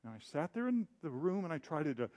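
A man's voice: on the high side, sing-song, brisk, a little mellow. A man preaching, telling a personal story in a candid, self-deprecating way and acting out the voices he quotes. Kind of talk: sermon storytelling.

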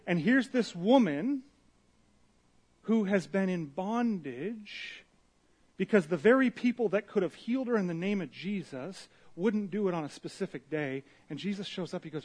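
A male pastor with a somewhat high voice delivers a sermon in a lively, storytelling manner. He acts out the people in his stories as he goes. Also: measured pace. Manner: animated storytelling, acting out quotes.

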